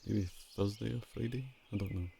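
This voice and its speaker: A man's voice: on the low side, steady tone, brisk, gravelly, dark tone, a little hiss or hum. A tired male streamer signing off casually, rambling in a sleepy, mumbled way.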